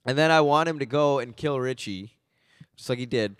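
A man's voice: mid-range voice, moderate pace, smooth, dry recording, studio quality. A man in casual podcast chat, animatedly retelling movie scenes and acting out lines. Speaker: podcast co-host.

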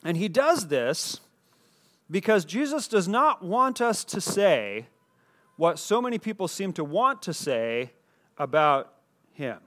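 Man teaching a sermon, fairly high-voiced. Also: very animated, slow, a bit bright. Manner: explanatory, with frequent fillers and restarts. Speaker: pastor. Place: indoor teaching space with a screen.

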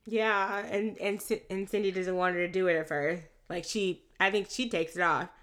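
A woman in casual chat recapping a film, animated and profane, acting out the characters' lines as she goes. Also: on the low side, moderate pace.

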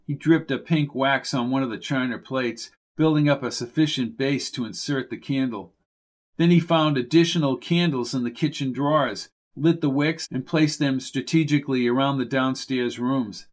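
This is scripted narration from a male audiobook reader working through a suspense novel. He keeps a medium pitch and a calm, even, deliberate delivery.

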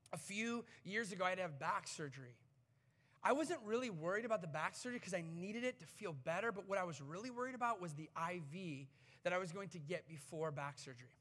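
A man with a high, bright voice preaches in a church, animated and self-deprecating as he tells stories. His voice carries a long reverb from the sanctuary. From United States. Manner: animated storytelling, self-deprecating, rising to excited peaks. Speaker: pastor. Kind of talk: sermon.

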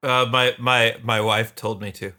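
A man's voice: mid-range voice, fairly even intonation, unhurried, bright, forceful tone. A man co-hosting a podcast in casual conversation. He is easygoing, laughs often and hesitates at the start of his answers. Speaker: podcast co-host.

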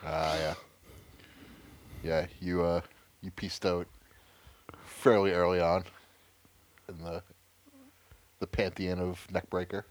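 A man's voice: low voice, level tone, takes it slowly, long pauses, no echo. A man co-hosting a casual podcast in a laid-back, swearing way, often trailing off with fillers. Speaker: podcast co-host. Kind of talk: casual chat.

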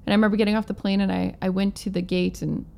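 Woman telling a story, a bit of vocal fry. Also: medium pitch, rapid-fire. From Manitoba, Canada. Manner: animated storyteller, acts out quotes in her own voice. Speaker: guest musician, violinist and singer. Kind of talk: storytelling in a casual interview.

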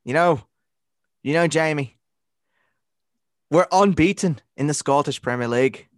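A man co-hosting a casual sports podcast, chatting and breaking into loud commentator and accent impressions. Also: a little high, a little slow, no echo, clean studio sound. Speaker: podcast co-host.

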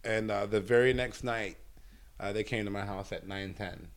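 A man, a stand-up comedian telling a long story in a casual interview, swearing often and filling pauses with "uh.". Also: on the low side, fairly even intonation. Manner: profane, rambling storyteller with many fillers.

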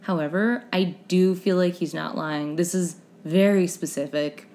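A young woman with a fairly low voice hosts a relaxed chat show. She reads her notes aloud and drops dry, joking comments between the facts. She trips over unfamiliar names. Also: unhurried. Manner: chatty, wry asides, stumbles over unfamiliar names. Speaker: podcast host. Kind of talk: casual chat, reading history notes aloud.

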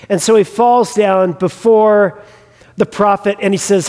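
High-voiced preacher acting out scripture. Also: male voice, a little slow. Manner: animated storytelling, acting out the characters. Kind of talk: sermon retelling a scripture story. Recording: long reverb of a large hall.

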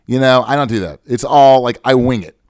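A man's voice: medium pitch, a little fast, no echo, clean studio sound. A man hosting a podcast, talking off the cuff in a sarcastic, self-mocking way about money. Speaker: podcast host. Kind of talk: unscripted podcast monologue.

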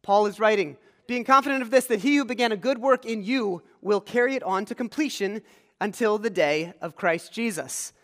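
High-voiced pastor preaching in a big hall. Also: male voice, normal speed. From rural Pennsylvania. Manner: conversational, engages congregation with questions. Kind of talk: sermon. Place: church sanctuary.

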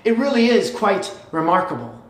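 A preacher telling a story in an animated way, going from hushed to loud. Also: medium pitch, normal speed, roomy sound, distant mic. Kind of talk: sermon.

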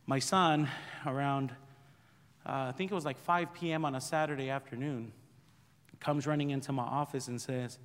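A middle-aged man preaching as a pastor, telling a personal testimony in an animated, self-mocking way with frequent laughter. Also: mid-range voice, moderate pace, in a large hall. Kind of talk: sermon testimony storytelling.

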